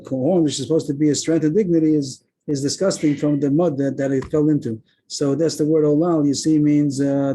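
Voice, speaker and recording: A man, teaching a verse-by-verse text class over a video call, thinking aloud frequent pauses and restarts. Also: fairly high pitch, mellow.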